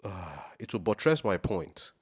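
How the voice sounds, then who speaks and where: A man hosting a scam-review video, talking viewers through a website on screen, emphatic and checking in with "okay?", rereading passages slowly for emphasis. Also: low voice, sing-song, slightly rough. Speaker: host of a scam-review channel. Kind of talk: screen-share walkthrough commentary.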